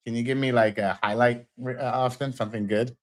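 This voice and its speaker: A man's voice: mid-range voice, fairly even intonation, a little fast. A man co-hosting a live trading stream, joking with the others and reading out market headlines. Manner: joking, laughs a lot, reads out headlines. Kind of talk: casual trading banter.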